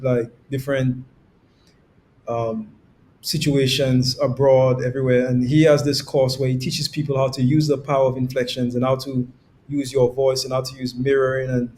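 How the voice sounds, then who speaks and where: Guy breaking down sales calls, acts out examples, faint rumble behind. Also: darkish tone. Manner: demonstrates tones with quoted examples, laughs easily. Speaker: guest sales coach. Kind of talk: conversational podcast explanation.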